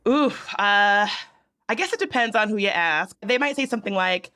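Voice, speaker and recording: A woman's voice: medium pitch, lively intonation, normal speed, sharp tone. A young woman from the American South co-hosting a podcast, chatting casually and explaining with humorous asides. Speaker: podcast co-host. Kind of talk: casual chat.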